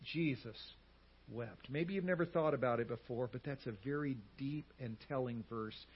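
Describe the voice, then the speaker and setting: A male pastor preaching a sermon, swinging from loud emphatic lines to hushed, quiet words. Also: medium pitch, fairly quick, breathy edge, muffled recording.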